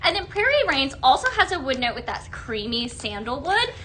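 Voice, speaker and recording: A woman's voice: sits high, very animated, normal speed, sharp tone. Bubbly woman selling on a live stream. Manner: upbeat and gushing, calls viewers "my friends". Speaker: host of a live shopping stream. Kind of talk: live product demo sales pitch.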